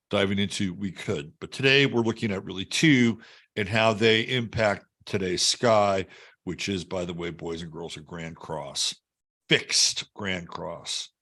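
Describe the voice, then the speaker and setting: A man's voice: on the low side, fairly bright tone. A middle-aged man hosting an astrology show, talking in a chatty, jokey livestream style. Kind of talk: casual livestream chat.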